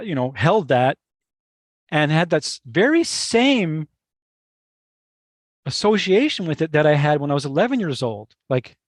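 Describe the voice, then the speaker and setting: A middle-aged male meditation teacher recounts a story from his own life. His voice sits a little high for a man and sounds dry and close. He speaks reflectively and haltingly, restarting phrases and turning to his listeners with asides. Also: dry recording. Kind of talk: personal storytelling in a workshop talk.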